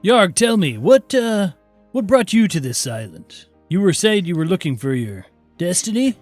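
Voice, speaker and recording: A man's voice: high voice, normal speed, no room sound, soft background music. A man taking part as a player in a tabletop game, describing his actions playfully. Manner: playful, animated.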